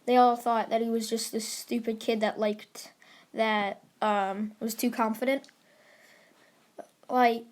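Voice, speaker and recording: A woman telling a made-up story in a casual, rambling way, filling her sentences with "like" and "basically" and mixing quick bursts of words with slow pauses. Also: on the high side. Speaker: anime fan storyteller.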